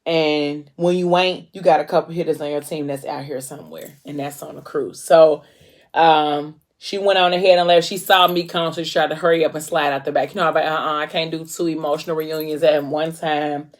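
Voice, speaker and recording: A woman's voice: low voice, fairly even intonation, a little fast. A woman with casually retelling a novel's plot, filling her talk with ums and briefly acting out the characters' lines. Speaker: book vlogger recapping a novel. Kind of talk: casual book recap.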